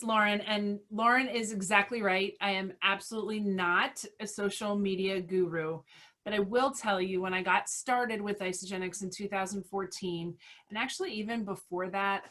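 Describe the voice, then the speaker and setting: A woman talks on a team call, candid and a little self-deprecating, with the odd "um". She sits at a medium pitch for a woman. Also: fairly bright tone. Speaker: guest team leader on a call. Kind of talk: casual talk on a team call.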